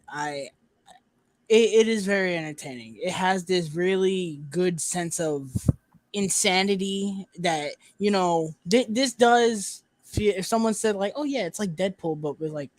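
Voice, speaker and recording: A man's voice: sits high, no echo. A young man hosting a casual movie review chat, talking loosely with fillers and swearing.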